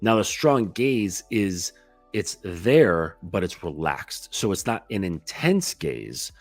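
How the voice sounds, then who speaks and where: Deep-voiced, animated man coaching casually. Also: takes it slowly, no echo, faint music behind. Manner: chatty, keeps asking "right?", swears casually. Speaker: dating coach.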